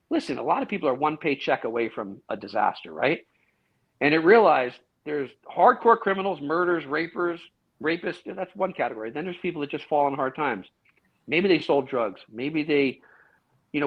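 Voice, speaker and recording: A middle-aged man, a guest in a casual interview, telling a long story with lively acted-out quotes and frequent restarts. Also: fairly high pitch. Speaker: guest, former police officer. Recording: dull, lo-fi sound.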